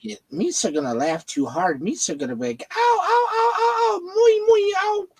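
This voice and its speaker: Clumsy whiny alien sidekick, yelping in broken grammar. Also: male voice, fairly high pitch, very animated, brisk, creaky, slightly rough, no room sound, full character voice. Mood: whiny goofy.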